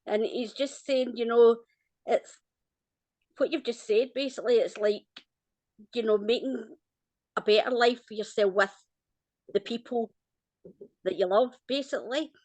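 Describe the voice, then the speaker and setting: A Scottish woman giving a gentle, reassuring psychic reading over a call, often smiling as she talks. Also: on the high side, a little slow, long pauses, no room sound. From Scotland. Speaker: psychic reader.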